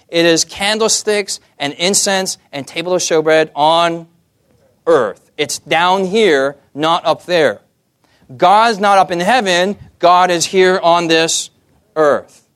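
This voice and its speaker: A man's voice: high voice, fairly bright tone. A young man preaching a sermon, often putting questions to the audience and asking for amens.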